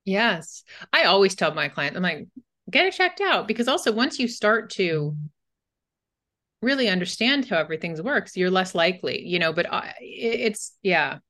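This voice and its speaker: A woman's voice: on the low side, expressive, normal speed, a bit bright. A middle-aged woman, a podcast co-host and anxiety coach, telling a personal story candidly in casual conversation, with many fillers.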